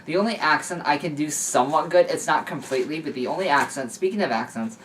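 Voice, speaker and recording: A man's voice: a little high, quick pace, fairly bright tone, slight background noise. A young man reading fan fiction aloud and breaking off for chatty, rambling asides. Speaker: story reader. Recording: voice somewhat distant from mic.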